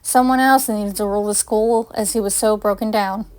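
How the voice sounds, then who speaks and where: A woman's voice: mid-range voice, fairly even intonation, moderate pace, a little mellow, lightly acted. A woman reading a cold stern headmaster. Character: cold stern male headmaster, cruel and mocking.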